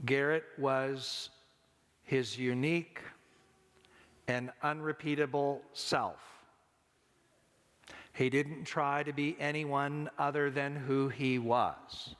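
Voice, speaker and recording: A man preaching a funeral sermon, slow and deliberate, repeating his key lines. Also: mid-range voice, steady tone, a bit bright, clean tone. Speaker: pastor. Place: church sanctuary. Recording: long church reverb.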